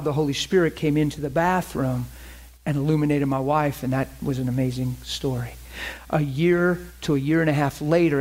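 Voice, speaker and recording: A man's voice: medium pitch, a little mellow. A middle-aged man preaching a sermon in a conversational way, acting out quotes from his own story.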